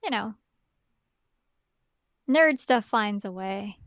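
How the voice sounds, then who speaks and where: A woman's voice: mid-range voice, expressive, slow pace, a bit bright, no room sound, clean studio sound. A woman co-hosting a casual chat, talking in a chatty, rambling way full of fillers. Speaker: co-host.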